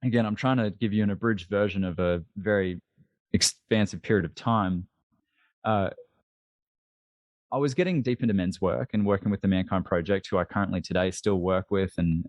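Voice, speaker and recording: A man in his thirties recounts his story as a podcast guest, candid and lively, often restarting a phrase. His voice sits low. The sound is dry and close, with no room around it. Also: dry recording. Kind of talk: storytelling interview.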